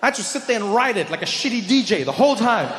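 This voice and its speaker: A man doing stand-up comedy on stage, animated and mock-indignant. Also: high voice, fast. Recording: echoey hall with background noise.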